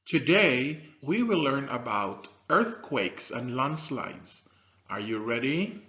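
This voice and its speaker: A man teaching a scripted science lesson to young learners, slow and animated, with drilled repetition and loud praise. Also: medium pitch. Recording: dull lo-fi recording.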